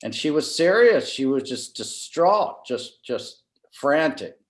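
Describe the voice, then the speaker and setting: A man's voice: on the high side, slow. Man telling a courtroom story, echoing room. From Florida. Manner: relaxed anecdotal storyteller, quotes himself often. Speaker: trial lawyer and former county judge. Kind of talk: storytelling in a conversational interview. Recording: roomy echo.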